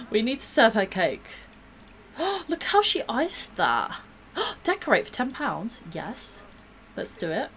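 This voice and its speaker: A woman's voice: fairly high pitch, huge pitch swings, slow, long pauses, fairly bright tone, slight background noise. A woman gives bubbly, gushing live-stream commentary while she plays a game, gasping and laughing often.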